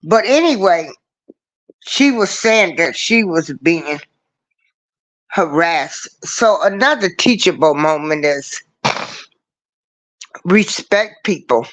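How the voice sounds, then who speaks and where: Slow, earnest man hosting a livestream. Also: sits high, animated, a bit bright. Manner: earnest, preachy, repeats his points. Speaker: livestream show host. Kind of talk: casual livestream talk. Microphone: computer mic on a livestream.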